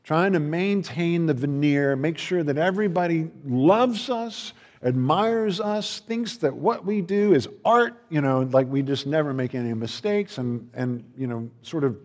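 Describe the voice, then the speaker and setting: A man's voice: on the high side, expressive, a little slow, few pauses, darkish tone. Male pastor rambling through a sermon, lots of restarts, big echoey sanctuary. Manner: conversational, rambling with frequent restarts; acts out others' voices in quoted dialogue. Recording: long reverb of a large hall.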